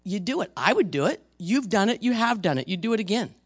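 A pastor preaching a sermon in church to the congregation, emphatic, swinging from loud rebukes to hushed intensity. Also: mid-range voice, very animated, fast talker. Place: church service before a congregation.

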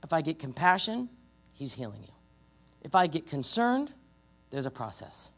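Gravelly preacher type teaching a class, jokey, voice jumps all over when telling stories. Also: mid-range voice, normal speed, pauses often. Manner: animated, acts out loud quoted voices. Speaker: spiritual warfare trainer. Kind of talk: church teaching with storytelling.

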